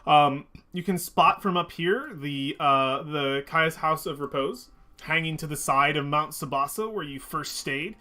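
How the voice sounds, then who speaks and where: Bright-voiced game master, halting. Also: male voice, on the high side. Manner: halting, many fillers and restarts. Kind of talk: narrating a tabletop game.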